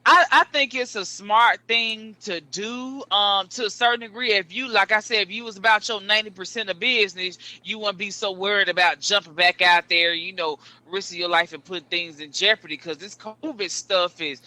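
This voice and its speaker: Comedian guest, man, high and piercingly bright, animated slangy storyteller, dry sound. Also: normal speed, hardly any pauses. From Southern US. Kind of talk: casual interview chat.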